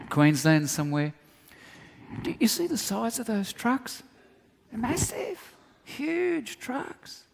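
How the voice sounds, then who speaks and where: An Australian man preaching in a church hall, his fairly high voice carrying a long reverb. He tells lively stories with humorous asides. He sounds middle-aged. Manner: animated storyteller, humorous asides. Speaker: pastor. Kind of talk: sermon.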